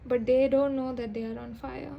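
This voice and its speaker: A young woman doing a casual tarot reading, rambling and halting, often restarting her sentences. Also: sits high, flat delivery, creaky, lo-fi sound, a little hiss or hum. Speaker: tarot reader.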